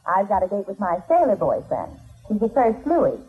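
A woman playing a sassy, sharp-tongued young woman in a 1940s radio comedy, teasing and cutting. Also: medium pitch, huge pitch swings, normal speed. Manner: sassy, teasing put-down delivery. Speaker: guest actress in a radio comedy. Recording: tinny, noisy old radio broadcast.

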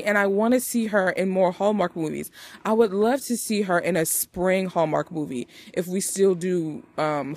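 A woman hosting a movie review podcast, chatting casually and animatedly with playful wordplay. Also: sits low. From United States. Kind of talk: casual chat.

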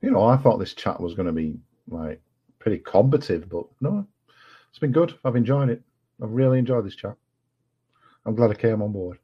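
A man from England, appearing as a guest on a late-night livestream at home, chats in a rambling, apologetic way with plenty of fillers. His voice is on the low side and slightly rough, with lively intonation and a moderate pace, on a dull lo-fi recording.

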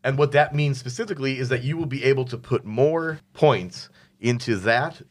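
A man's voice: mid-range voice, normal speed. A man hosting a tabletop game podcast as game master, chatting casually, joking around and walking the players through the rules step by step. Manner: playful, joking asides, explains rules step by step.

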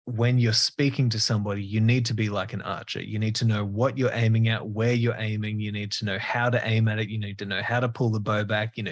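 Male podcast host, lowish voice, earnest and gushing. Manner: earnest, effusive, with repeated restarts. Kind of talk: conversational podcast discussion.

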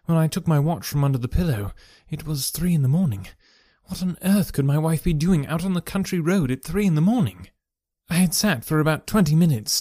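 A man reads a classic story aloud in the first person, measured and dramatic in his pacing. His voice sits fairly high for a man. The sound is dry and close, with no room around it. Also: darkish tone, no room sound. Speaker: narrator.

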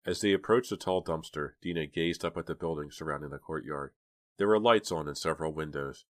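A man narrating a novel in a steady, even storytelling manner. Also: extremely low pitch, a little fast. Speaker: audiobook narrator. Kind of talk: scripted narration.

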